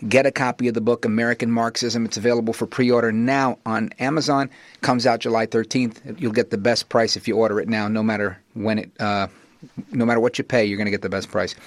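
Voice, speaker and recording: A man hosting a talk radio show as a fill-in, energetic and promotional in a conversational way. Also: mid-range voice, fairly quick, dry recording.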